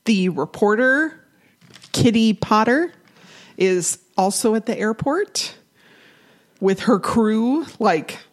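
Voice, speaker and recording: A woman's voice: a little high, animated, slow pace, pauses often. A woman co-hosting a podcast, recapping a film in casual chat with dry asides. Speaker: podcast co-host.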